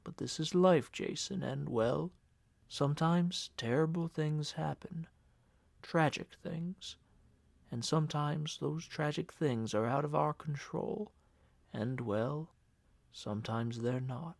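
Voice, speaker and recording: A man voicing a cold, pious middle-aged uncle who murmurs slowly and solemnly. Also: vocal fry, no room sound, exaggerated voice. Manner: low, murmuring, slow and heavy.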